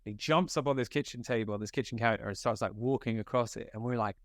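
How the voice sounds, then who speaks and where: A young man from Scotland, an actor, telling set stories in a casual interview, animated and slangy, full of filler likes. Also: mid-range voice, fast talker, dry recording, studio quality. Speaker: actor guest.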